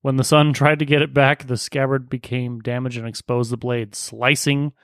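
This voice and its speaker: A man's voice: medium pitch, level tone, moderate pace, a bit bright, no echo, studio quality. Profane man reading news on a podcast. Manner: profane, joking, reads news aloud with asides. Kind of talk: casual comedy podcast banter.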